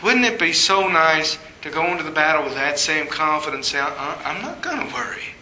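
A man preaching a sermon with a very bright, ringing voice that sits a little high for a man. He tells stories from his own life and leaps up in pitch when he quotes his younger self. The sound carries a noticeable room echo. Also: steady tone, fairly quick, slight background noise. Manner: storytelling, rising high when acting out his past self.

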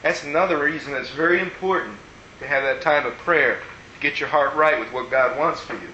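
A man preaching a sermon as pastor, telling stories in an animated way and acting out the people he quotes. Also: fairly high pitch, a little fast, dull audio, slight background noise. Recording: roomy echo.

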